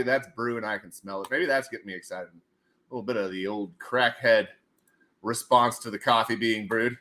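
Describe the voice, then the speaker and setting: Man, livestream host, casual chat, bright forceful voice, goofy outbursts. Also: fairly low pitch, fairly quick. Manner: animated, breaks into goofy shouted voices and laughs; thinks aloud while working on screen.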